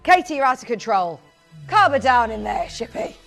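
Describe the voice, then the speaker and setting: High-voiced chatty woman presenter. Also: sing-song, moderate pace, creaky, soft background music. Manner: upbeat, chatty, calls out buyers' names. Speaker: shopping channel presenter. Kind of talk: live TV sales pitch.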